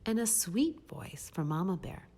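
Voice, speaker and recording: A woman reading a picture book aloud to children in a soft, breathy, expressive way, pausing to ask them questions. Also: medium pitch. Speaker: children's storyteller.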